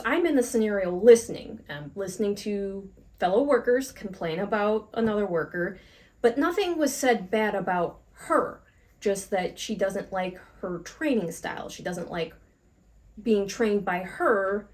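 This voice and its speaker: A woman co-hosting a podcast, telling a workplace story in a frank, animated way and swearing casually. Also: mid-range voice. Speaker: podcast co-host.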